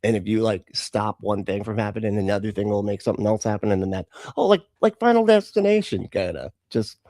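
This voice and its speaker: A man's voice: lowish voice, little pitch movement, quick pace, dark tone, dry recording, studio quality. A man hosting a casual live stream, chatting and laughing with viewers as he reacts to videos. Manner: chatty, greets chat viewers, laughs often. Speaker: livestream host reacting to videos.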